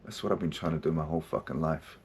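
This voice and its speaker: A man's voice: extremely low pitch, fast talker, a little hiss or hum. A middle-aged man from New Zealand, a counselor hosting his own podcast, talking in a raw, emotional, heavily swearing way. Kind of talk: confessional solo podcast talk.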